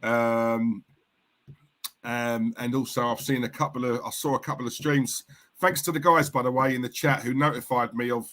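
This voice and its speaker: A man hosting a casual fan livestream, chatty and jokey as he greets viewers and gives shout-outs. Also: medium pitch. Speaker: livestream host.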